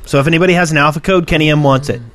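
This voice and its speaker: A man's voice: a little high, steady tone, rapid-fire, fairly bright tone. A man co-hosting a casual gaming podcast, chiming in with short, upbeat remarks. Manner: brief upbeat interjections. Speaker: podcast co-host.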